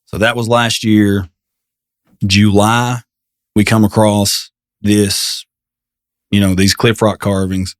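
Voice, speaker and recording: A man's voice: fairly low pitch, flat delivery, slow pace, pauses often, no room sound, clean studio sound. A man appearing as a guest on a podcast, talking earnestly and posing rhetorical questions in casual conversation.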